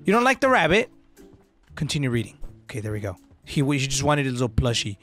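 A man's voice: medium pitch, sing-song, fast talker, a bit bright, faint music behind. A young man, joking and swearing through casual let's-play commentary and mixing in slang. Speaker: gaming streamer.

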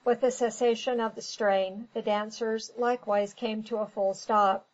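A woman reading an audiobook in measured, scripted narration. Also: fairly high pitch, fairly even intonation, lo-fi sound.

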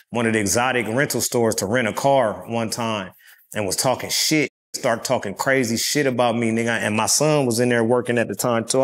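A man tells stories as an interview guest, loose and profane. He is animated and mid-pitched. His talk is casual street storytelling. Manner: profane, animated storyteller who acts out quotes.

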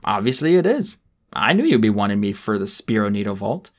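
A man voicing a calm, smug teenage mastermind in a measured way for an audiobook. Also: lowish voice. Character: cold, superior teenage boy genius.

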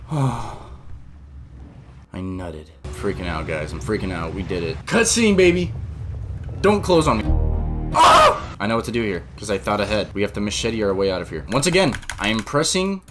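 Excitable young man playing a game. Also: on the low side, normal speed. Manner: excitable, exclaims and groans a lot. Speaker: gamer. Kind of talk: casual gameplay commentary. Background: game music.

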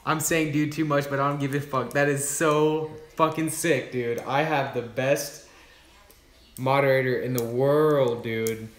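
A young man chatting on a livestream while unboxing gifts, hyped and swearing, bursting into loud exclamations. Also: medium pitch, fairly even intonation, unhurried, roomy sound. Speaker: YouTube creator livestreaming an unboxing. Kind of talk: excited livestream unboxing chat.

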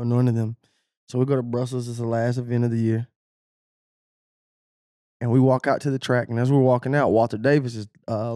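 A man on a podcast spins a story with lots of laughter and acts out the other voices along the way. He has a middle-pitched voice, recorded close and dry with no room sound. He talks in a relaxed, chatty way. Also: no room sound. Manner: animated storyteller, laughing, acting out quotes. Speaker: podcast co-host, former sprinter. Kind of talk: casual storytelling chat.

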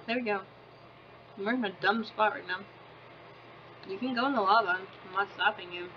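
A woman's voice: medium pitch, moderate pace. A woman hosting a gaming channel, chatting casually over gameplay and coaxing her pet in baby talk. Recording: dull lo-fi with game crowd noise.

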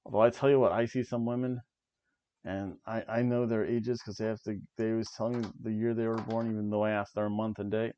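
A man's voice: lowish voice, little pitch movement, a little fast, warm tone, highs cut off, slight background noise. A man in his forties casually reviewing wrestling from his seat, chatty and drifting off into tangents. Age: 40s. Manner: chatty, jumps between tangents, frequent asides. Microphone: webcam while seated.

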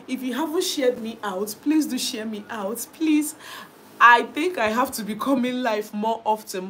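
A woman hosting a birthday live stream, warmly thanking viewers by name and laughing often. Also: medium pitch, poor audio.

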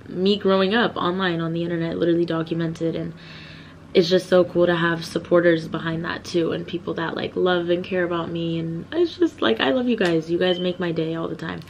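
A woman's voice: fairly low pitch, lo-fi sound, a little hiss or hum. A twenty-year-old woman chatting casually to her viewers in a vlog, rambling with lots of fillers. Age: 20s. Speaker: vlogger.

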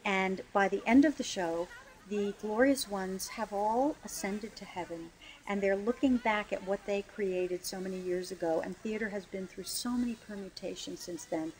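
A woman lyricist describing her musical in a relaxed interview, chatty and quick to laugh, with a few ums as she searches for words. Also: medium pitch, rough recording. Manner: chatty, laughs easily, fills pauses with um. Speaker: lyricist and book writer. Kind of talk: casual interview explanation.

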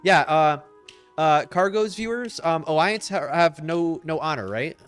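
A man streaming a game live, reacting excitedly with laughter and constant swearing while talking to his chat. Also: a little high, a little slow, clear, resonant tone, faint music behind. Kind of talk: live gameplay commentary.

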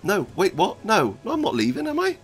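A man giving excitable, self-mocking commentary while playing a video game. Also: high voice, fairly quick, loud music behind the voice. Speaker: gaming YouTuber. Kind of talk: let's play commentary.

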